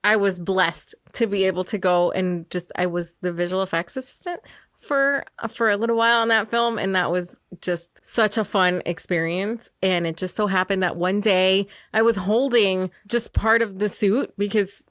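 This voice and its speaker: A woman guests on a podcast, chatting in a friendly, casual way and laughing easily. Her voice is bright and forward, and the sound is dry and close, with no room echo. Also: mid-range voice, fairly even intonation, normal speed. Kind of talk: casual interview chat.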